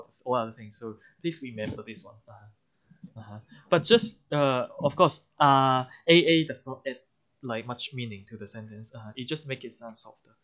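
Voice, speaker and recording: Through a dull, lo-fi recording, a Hong Kong English-accented man gives an online language lesson in a mid-range, slightly bright voice. He is patient in his explanations, uses many examples, and frequently says "uh-huh."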